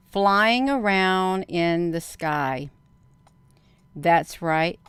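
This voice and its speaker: Slow, excitable middle-aged woman counting aloud. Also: lowish voice, clean tone, dry recording. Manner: counts aloud, talks straight to viewers; gets excited, chatty. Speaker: video host. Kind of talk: casual screen-share commentary.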